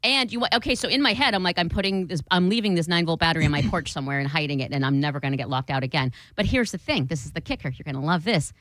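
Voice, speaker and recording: A young woman telling a story in a casual chat, animated and swearing, acting out what people said. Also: low-pitched, racing, few pauses, no room sound. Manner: animated, swearing, acts out quotes.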